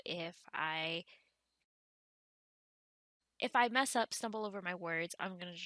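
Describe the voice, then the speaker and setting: A woman's voice: on the low side, fairly bright tone, no echo. A woman hosting a gaming channel, giving casual let's-play commentary in a chatty, rambling way as she thinks aloud.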